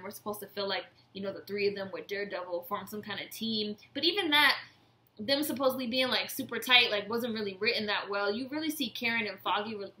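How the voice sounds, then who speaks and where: A woman's voice: medium pitch, bright, forceful tone. A woman vlogger giving a blunt, profane, casual review rant. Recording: echoey room.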